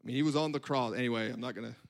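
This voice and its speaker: A man preaching a sermon in an animated, conversational way, with quick asides. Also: medium pitch.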